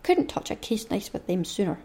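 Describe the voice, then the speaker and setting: A woman's voice: mid-range voice, very animated, moderate pace, vocal fry, warm tone. A woman reading the lines of a stubborn, principled boy from a classic novel in her own voice, with an earnest, lecturing manner.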